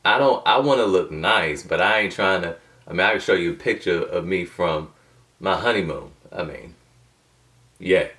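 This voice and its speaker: A man with a fairly low voice talks to camera in a loose, rambling way, full of slang, restarts and side tangents. He sits back from the microphone, so the sound is a little distant. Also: normal speed, bright, forceful tone. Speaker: motivational video host. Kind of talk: casual talking-to-camera monologue.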